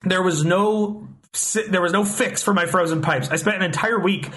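Young guy rambling thru a story, lots of restarts and swearing, bright voice, a bit high. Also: normal speed. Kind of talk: casual storytelling chat.

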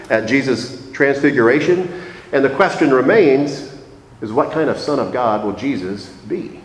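A man of middling pitch delivers a measured, reflective sermon and slows down to stress his key points. His voice rings through a roomy church with a long, echoing tail. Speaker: preacher. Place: church sanctuary. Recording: echoey church hall.

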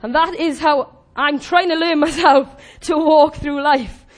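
A woman preaching a sermon in a chatty, animated way, laughing often and acting out the voices of the people she quotes. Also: high voice, a little slow.

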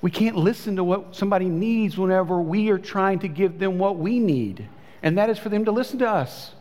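A pastor preaching a sermon in a conversational way, his voice swinging between high and low. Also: animated, brisk, darkish tone. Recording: long hall reverb.

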